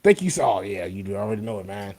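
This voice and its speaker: A man's voice: fairly low pitch, big pitch swings, fast talker, a crowd in the background. A man co-hosting a wrestling podcast in casual, slangy banter, reading out viewer comments. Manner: laid-back slangy banter, reads chat comments. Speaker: podcast co-host.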